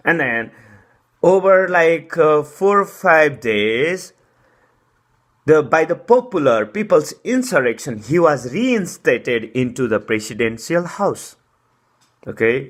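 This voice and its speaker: Man, young, heated political rant, rambling, indignant, fairly high voice. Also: a bit bright. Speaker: political commentator. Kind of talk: casual political monologue.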